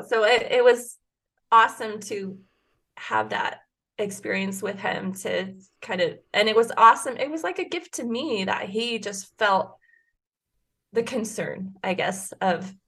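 A woman's voice: medium pitch, measured pace, a bit bright. A woman in her forties telling a personal story as a podcast guest, earnest and emotional, with frequent restarts. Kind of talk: casual conversation.

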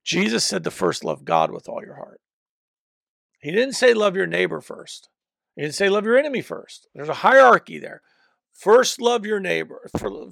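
A man delivers a teaching sermon into a microphone in a high, heavily gravelly voice that swings up and down with animated pitch. He talks emphatically, circling back and restarting his phrases as he drives each point home. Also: dry recording, studio quality. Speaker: preacher and teacher.

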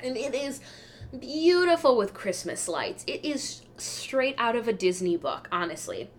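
A woman's voice: a little high, sing-song, measured pace. Young woman podcast host, chatty and wry, casual travel stories, bit of faint noise behind. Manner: chatty, wry, self-deprecating.

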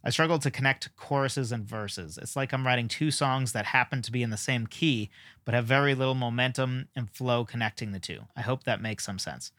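A man's voice: mid-range voice, fairly quick, a bit bright, no room sound, clean studio sound. A man hosting a solo podcast, talking casually in a rambling way with frequent fillers and self-deprecating asides. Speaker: podcast host.

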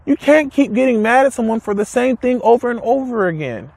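A man with a fairly high, husky voice delivers a casual motivational talk to camera. His pitch swings widely as he hammers home his points with repeated rhetorical questions. His wording is blunt and direct. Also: animated, fairly quick, a little mellow, no room sound. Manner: emphatic, repetitive, rhetorical questions. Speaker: motivational speaker.

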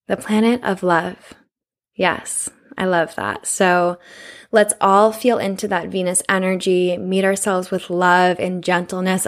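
A woman in her twenties hosting a podcast, talking in a casual, profane, effusive way about self-love, a little out of breath. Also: fairly low pitch. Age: 20s. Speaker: podcast host. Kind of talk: casual self-help monologue.

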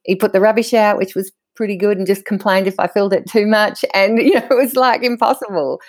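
A middle-aged woman, a guest telling stories from her own life in a candid, animated way and laughing often as she talks. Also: medium pitch, a little fast, dry recording. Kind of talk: candid conversational storytelling.

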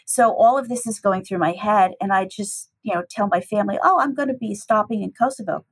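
Breathy woman telling a lively story. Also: brisk, rough recording. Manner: lively, acts out dialogue with shifting pitch. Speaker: teacher telling a personal story. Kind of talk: animated personal storytelling.

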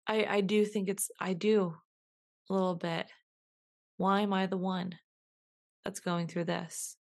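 A woman's voice: medium pitch, flat delivery, unhurried. A woman hosting a reflective solo podcast, musing aloud and repeating questions to herself as she works through her thoughts. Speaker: podcast host.

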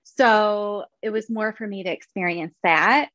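A woman's voice: medium pitch, a little slow, fairly bright tone, no room sound, highs cut off. A woman guest talking casually about her dogs, chatty with plenty of fillers. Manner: chatty, laughs often, many fillers. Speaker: guest, dog owner. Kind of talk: casual interview chat.

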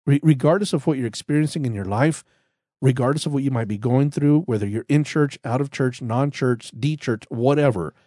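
A man's voice: medium pitch, brisk, warm tone, no echo, clean studio sound. A man giving earnest, conversational Bible teaching on a podcast, repeating himself and restarting phrases as he goes. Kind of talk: casual spoken Bible teaching.

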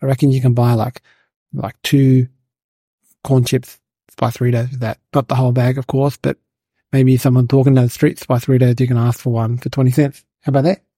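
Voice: medium pitch, level tone, fairly quick, dark tone, breathy edge, dry recording, clean studio sound. A performer voicing a cheeky, chatty little boy who rambles on and fusses about fairness and manners, in a comedic monologue. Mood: rambling, indignant.

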